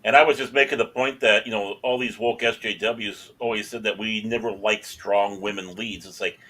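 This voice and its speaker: A man's voice: on the low side, fairly even intonation, normal speed, bright, forceful tone, low-quality recording. A man hosting a casual chat, making emphatic, opinionated points. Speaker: host.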